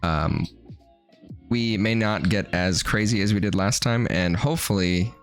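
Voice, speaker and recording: A man's voice: lowish voice, measured pace, soft background music. A young man from New Mexico co-hosting a podcast, chatting casually in a loose, profane, joking way. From New Mexico, USA. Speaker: podcast co-host. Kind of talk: casual chat.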